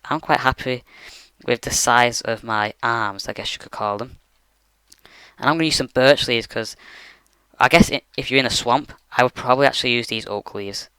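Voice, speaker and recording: A man narrates a game-building tutorial at his bedroom desk, loose and rambling with plenty of fillers. His voice is very clean and crisp, with a bright edge. The recording is dry and close, with no room sound. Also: mid-range voice, no echo. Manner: rambling, many fillers like "you know" and "like". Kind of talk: casual screen-recorded tutorial.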